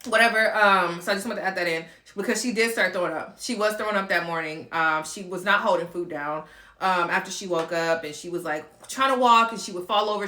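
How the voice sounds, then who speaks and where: A woman's voice: medium pitch, bright, forceful tone, echoey room. A woman telling a personal story in a vlog, tearful and close to crying, with many fillers and restarts. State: close to tears.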